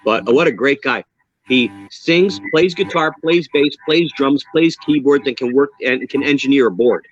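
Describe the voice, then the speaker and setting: A man with a New York accent, a drummer being interviewed on a video call, talking in an animated, emphatic, joking way. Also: medium pitch, moderate pace, dull audio. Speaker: guest drummer. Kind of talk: casual interview chat.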